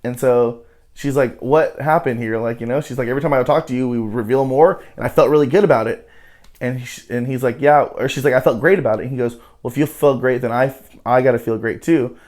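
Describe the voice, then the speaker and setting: A man hosts a casual recap of a reality show. He rambles in a loose, profane way and leans on fillers. His voice sits at an ordinary middle pitch. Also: a little fast, darkish tone. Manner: loose, profane, heavy on "you know" fillers.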